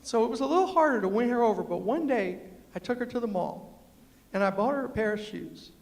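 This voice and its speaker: High-voiced man telling a story in a hall. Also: lively intonation, fairly quick, gravelly. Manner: acts out quotes, punchy and emphatic. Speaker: storyteller and motivational speaker. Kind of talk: humorous storytelling speech. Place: university lecture hall. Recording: echoey hall, long reverb.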